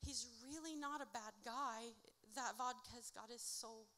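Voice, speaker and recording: A woman's voice: a little high, measured pace, hardly any pauses, bright, forceful tone. A woman from Indiana performing rhymed spoken word live on a theatre stage, telling her story bluntly and with plenty of swearing. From Indiana, United States. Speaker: performing artist.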